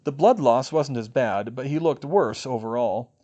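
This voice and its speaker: A man reading fan fiction aloud as an audiobook narrator, expressive in delivery. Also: mid-range voice, normal speed. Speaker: audiobook reader.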